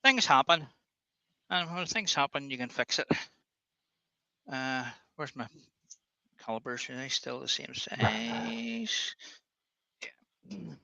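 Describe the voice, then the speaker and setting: A man chats unhurriedly as he turns wood, his voice very bright and sharp. He talks to himself between tasks in an easygoing way. The sound is dull and dry, like muffled stream audio. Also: mid-range voice, big pitch swings, takes it slowly, vocal fry, long pauses, no room sound. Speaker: woodturner hosting a livestream. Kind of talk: casual chat while working.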